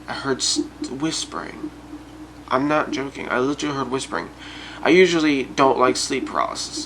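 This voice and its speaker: Gravelly, bright-voiced man telling stories. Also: mid-range voice, slight background noise, poor audio. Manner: chatty, addresses viewers directly. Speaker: YouTube storyteller. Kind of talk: casual storytelling to viewers.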